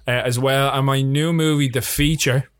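A man's voice: medium pitch, normal speed, smooth, no room sound. Irish man telling stories with swearing. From Ireland. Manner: lively, profane storyteller. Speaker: guest filmmaker. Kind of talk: casual podcast chat.

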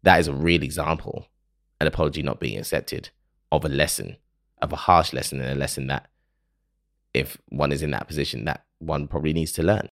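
A man's voice: extremely low pitch, fairly quick, creaky, no echo, studio quality. A man hosting a podcast, speaking alone in an earnest, reflective and openly emotional way. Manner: earnest, emotional, self-questioning. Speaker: podcast host. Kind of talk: reflective solo monologue.

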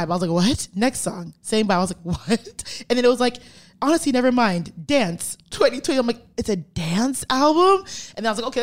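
A woman co-hosting a podcast, telling stories in casual chat, acting out quotes and swearing freely. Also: fairly high pitch. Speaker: podcast co-host.

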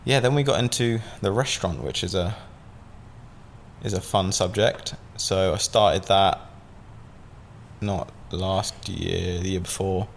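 Rambling man, low voice. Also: measured pace, gravelly, long pauses, slight background noise. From Southampton, England. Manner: rambling, many fillers, swearing. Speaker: podcast guest. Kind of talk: casual storytelling.

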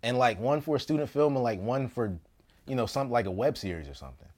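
A man who works as an actor, telling a story from his own life in a casual, comedic way. He laughs often and jumps between loud bursts and hushed asides. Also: mid-range voice, expressive, quick pace.

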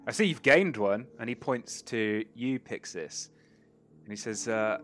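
Guy running a tabletop game, kinda low voice, chill storytelling, bit of music under it. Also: moderate pace. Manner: relaxed storytelling with many fillers. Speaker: game master.

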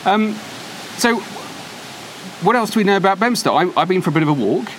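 A man's voice: high-pitched, animated, fairly quick, a bit bright, a little hiss or hum. Chatty man musing outdoors. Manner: chatty, musing, with frequent ums. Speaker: podcast co-host. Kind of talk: casual chat. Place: windy courtyard outside a church.

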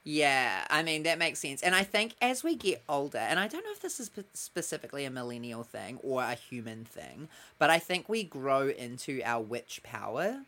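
A man in his thirties co-hosting a podcast in casual chat, teasing his co-host with quick, playful banter. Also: mid-range voice, sing-song, sharp tone.

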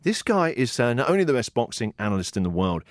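Man, podcast host, jokey banter, animated voice, dry close sound. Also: medium pitch, fast talker, no room sound. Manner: jokey, excitable, swears freely. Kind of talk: casual chat.

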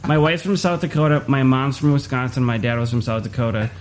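A man's voice: mid-range voice, steady tone, quick pace. A man from Minnesota with a Minnesotan accent, a podcast guest chatting casually and laughing easily. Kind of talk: casual chat.

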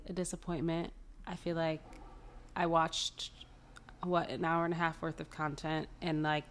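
A woman co-hosting a casual podcast chat, her voice going hoarse. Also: lowish voice. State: losing her voice. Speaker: podcast co-host.

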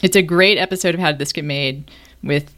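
Brief: woman co-host, casual chat, lower voice, thoughtful, restarts sentences. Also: fairly quick, a bit bright. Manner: thoughtful, restarts often, laughs easily. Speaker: podcast co-host.

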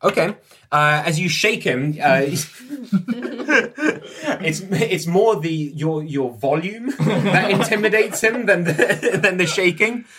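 A man's voice: sits high, slow, a crowd in the background. A man running a tabletop role-playing game as game master, narrating in a rambling way with frequent laughs. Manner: rambling, laughs often, restarts sentences.

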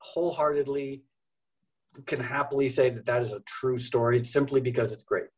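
A man's voice: mid-range voice, fairly even intonation, normal speed, low-quality recording. A middle-aged man, a musician guest on a podcast, talking in a wry, thoughtful, rambling way with self-deprecating humor. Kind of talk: casual interview conversation.

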